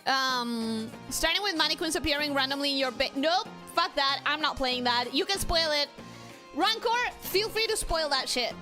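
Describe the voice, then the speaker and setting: A woman's voice: high voice, expressive, normal speed, bright, forceful tone. A young woman streaming a game, chatting casually, greeting viewers by name and making joking asides. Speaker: VTuber streamer. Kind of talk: casual let's-play chat. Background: game music.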